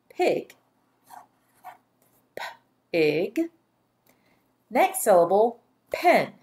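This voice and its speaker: Woman, teacher, phonics dictation lesson, unhurried delivery, sounds out syllables. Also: on the low side, darkish tone. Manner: slow, deliberate, segments sounds for young learners.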